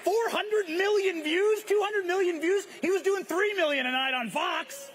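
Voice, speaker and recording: Fervent high-voiced man preaching from a stage. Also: moderate pace, slight background noise. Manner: fervent, preachy, often shouting to the crowd. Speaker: conference speaker. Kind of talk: impassioned rally speech. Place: large event hall. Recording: long hall reverb.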